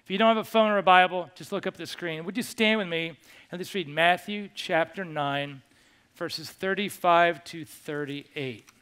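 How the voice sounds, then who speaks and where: A male pastor giving a sermon to his congregation in a church, animated and joking as he coaxes them along. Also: sits high, moderate pace, clean tone. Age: over 25. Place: church sanctuary.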